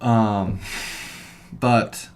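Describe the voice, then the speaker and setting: A man co-hosting a podcast in casual chat, rambling and swearing, getting loud when he retells what people said. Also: fairly low pitch, fairly even intonation, very slow. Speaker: podcast co-host.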